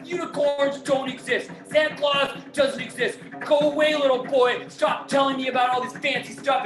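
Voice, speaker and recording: A man with a very high speaking voice delivers an improvised, declamatory rant, shouting list after list with a playful, silly edge. His voice rings out in a roomy space. Looped cello music plays behind him. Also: steady tone, moderate pace, few pauses. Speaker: street cellist and improvising performer.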